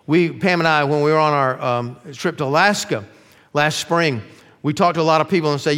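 A middle-aged male pastor preaching a sermon earnestly, dropping his voice low to stress key lines. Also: brisk, fairly bright tone, clean tone. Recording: long reverb of a large room.

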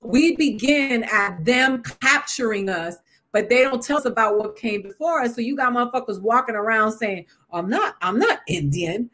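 A woman's voice: on the high side, moderate pace, fairly bright tone. A woman hosting a podcast, talking in a blunt, profane and impassioned way in casual comedic chat. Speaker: podcast host.

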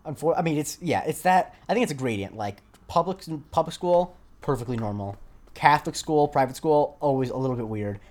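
A young man's voice sits on the high side, animated and a little fast, with a darkish tone. He's co-hosting a podcast, chatting loosely with frequent fillers and restarts.

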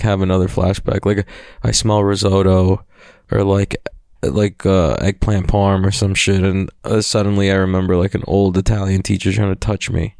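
This podcast host has a low, slightly mellow voice, captured with studio quality and no echo. He rambles loosely through a casual monologue, swearing freely and laughing a lot.

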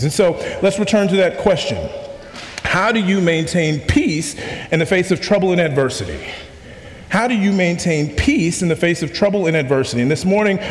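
A man's voice: a little high, in a large hall. A pastor preaching a sermon to his congregation, emphatic, repeating key questions and asking the room to respond.

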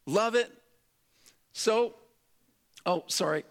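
A man's voice: sits high, animated, unhurried, pauses often, fairly bright tone. A man preaching a sermon to a congregation in a conversational, joking way, acting out the voices of the people in his story. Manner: humorous, conversational, acts out quoted voices. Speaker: pastor.

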